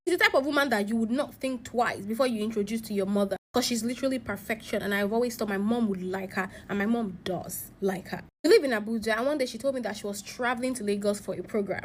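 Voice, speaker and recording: A woman narrating a reader's story-time letter in an animated way, her voice swinging from hushed to loud. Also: a little high, slight background noise.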